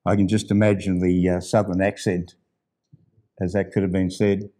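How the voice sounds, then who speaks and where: Delivering a sermon at normal speed and a level tone, this middle-aged pastor alternates quiet, low asides with loud, forceful proclamations, sometimes pausing to read a letter out loud.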